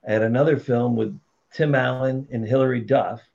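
A man's voice: medium pitch, moderate pace, gravelly. A middle-aged man telling blunt, profane stories about his career as a podcast guest. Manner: blunt, profane, animated storytelling. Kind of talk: casual storytelling. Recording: dull lo-fi sound.

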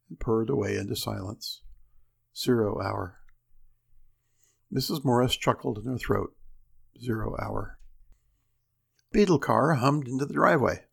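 Male narrator, gravelly, mid pitch, measured dramatic delivery for a story reading.

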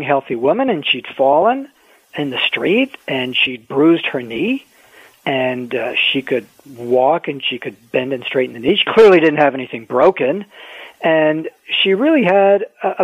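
Surgeon on a tinny phone line. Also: male voice, fairly high pitch, lively intonation, unhurried, slightly rough, no echo. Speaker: orthopedic surgeon guest. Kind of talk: phone-in interview, storytelling. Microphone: telephone.

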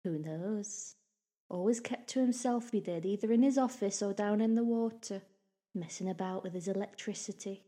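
A woman's voice: mid-range voice, moderate pace, warm tone, natural voice. A woman voicing a chatty, nosy female clerk at an institute, with homely, gossipy phrasing.

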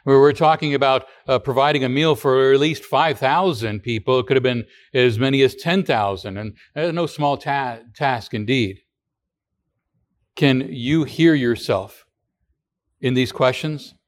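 A man's voice: medium pitch, unhurried. A man giving a radio sermon as pastor, talking in a conversational way with rhetorical questions and frequent restarts.

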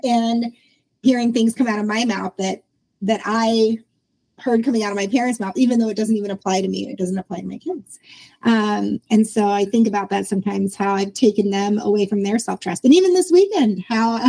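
A podcast host in her forties, medium-pitched with vocal fry, talks briskly and reflectively in a casual conversational interview. She laughs often and acts out her own quotes in lively voices, all on poor audio.

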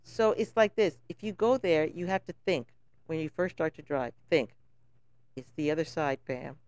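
Woman with a St. Croix accent, animated. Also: normal speed. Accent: Crucian (St. Croix). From St. Croix, US Virgin Islands. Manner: animated storyteller, pitch jumps up for emphasis. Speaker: guest business owner. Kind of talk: casual podcast conversation.

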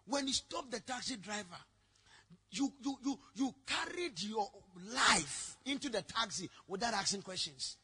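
A man preaching a sermon, telling stories with sudden shouted lines. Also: high-pitched, lively intonation, measured pace, breathy edge. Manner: dramatic storytelling, bursts into shouting. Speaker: pastor.

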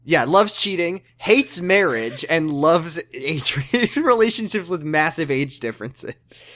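Lively jokey podcast co-host. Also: medium pitch, slow. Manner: animated, jokey, swears. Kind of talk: casual comedic recap chat.

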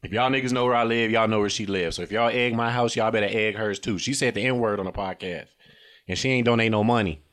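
A man's voice: lowish voice, quick pace, a bit bright. A young man hosting a casual comedy podcast from a car, profane and loose, laughing often and slipping into silly voices. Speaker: podcast host.

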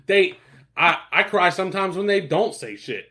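Laid-back young man, bright voice. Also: sits high, lively intonation, normal speed. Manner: laid-back, swears often, lots of fillers and restarts. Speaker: podcast co-host. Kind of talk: casual chat.

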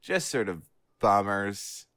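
A man's voice: on the low side, lively intonation, slow, a bit bright, clean tone, no room sound, clean studio sound. A man co-hosting a casual chat, rambling and cutting himself off as he laughs. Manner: rambling, self-interrupting, laughing. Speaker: podcast co-host.

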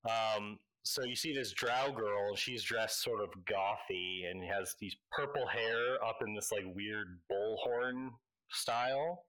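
Game master, male, bright voice, slow and halting, lots of fillers. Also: on the low side, poor audio. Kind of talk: narrating a tabletop game.

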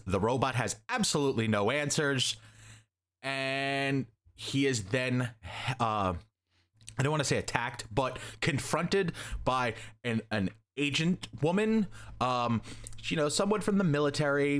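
Unhurried and mid-range, this young man's slightly bright voice carries a rambling, joking recap of a comic on a podcast he co-hosts. He performs the characters' dialogue as he chats casually.

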